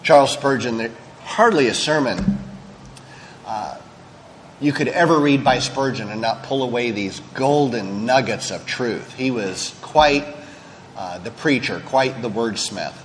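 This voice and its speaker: A man's voice: medium pitch, measured pace, slight background noise. Man preaching in an echoey hall. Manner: candid, conversational preaching with asides. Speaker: pastor. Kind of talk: sermon.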